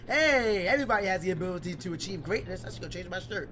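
Animated man commenting on a game. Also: high voice, fast, soft background music. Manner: chatty, reacts loudly, reads game text aloud. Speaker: let's play host. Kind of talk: casual gameplay commentary.

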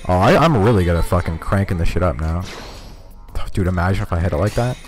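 A man streaming a video game, giving profane, rambling, self-mocking commentary in one steady speaking voice. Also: deep voice, fast, soft background music. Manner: talks in one steady voice, cannot scream. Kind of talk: casual live-stream commentary.

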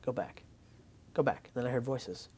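A man quietly telling his own story as an interviewee. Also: mid-range voice, normal speed, a little hiss or hum. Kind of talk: personal testimony.

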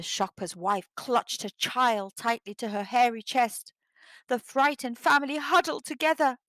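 A woman reading a children's picture book aloud, with expressive storytelling. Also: a little high, measured pace, dry recording. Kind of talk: children's read-aloud narration.

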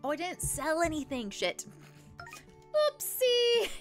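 A woman's voice: mid-range voice, animated, a little slow, fairly bright tone, faint music behind. A young woman casually chatting and swearing as she streams a farming game. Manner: chatty, swearing, self-mocking. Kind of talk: casual gameplay commentary.

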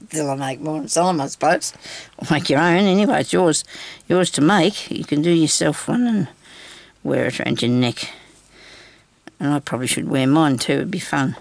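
A woman's voice: sits low, vocal fry, dry recording. A woman hosting a craft tutorial, chatting casually and reassuringly while she beads and talks to herself as she works. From Australia.

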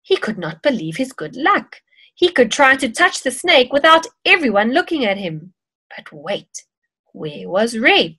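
Brief: woman storybook reader, slow, very expressive melody. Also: mid-range voice. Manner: expressive, clear storybook delivery. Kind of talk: children's story read aloud.

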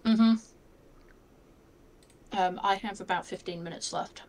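Woman gamer giving quick urgent tips. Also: fairly low pitch, fairly even intonation, a little mellow. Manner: quick repeated urgings and game tips. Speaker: stream guest player. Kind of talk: casual co-op gaming chat.

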